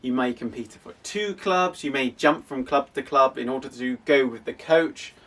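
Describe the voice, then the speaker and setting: A man's voice: mid-range voice, normal speed, a bit bright, recorded from a distance. A young man from an athletics club, explaining casually with frequent restarts. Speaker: athletics club coach and host.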